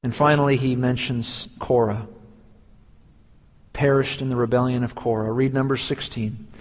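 A man's voice: medium pitch, fairly even intonation, moderate pace, big-room sound. A man preaching a sermon as pastor, building emphasis through repeated phrases.

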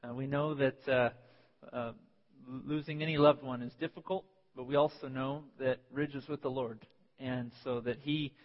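A man pastor preaching a sermon, telling personal stories with animated voices and sudden yelps. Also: mid-range voice, normal speed. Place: church sanctuary. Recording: dull sound with long church reverb.

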